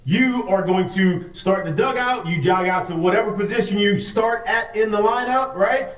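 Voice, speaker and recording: Man, high-pitched, heard from across an echoey room; podcast storyteller. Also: normal speed. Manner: explains drills at length, storytelling. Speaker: former baseball player, co-host. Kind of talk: casual sports podcast chat. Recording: echoey room, distant mic.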